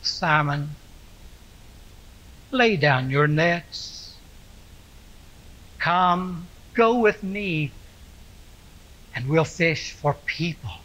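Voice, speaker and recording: A pastor voicing Jesus, gentle and quiet. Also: male voice, fairly high pitch, expressive, slow, pauses often, pitched below the performer's own voice, heavily acted, rough recording. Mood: gently calling.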